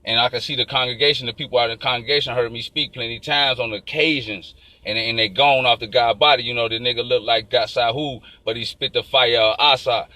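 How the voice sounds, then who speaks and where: A man telling a long story in a casual, animated and profane street style. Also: mid-range voice, no room sound, poor audio. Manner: profane, animated, fast-talking.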